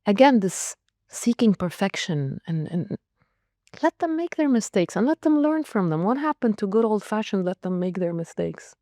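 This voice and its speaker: A woman's voice: mid-range voice, sing-song, normal speed, warm tone, no room sound, clean studio sound. A woman around sixty, a school leader answering interview questions in an emphatic, direct way with short punchy phrases. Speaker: school academic leader, guest.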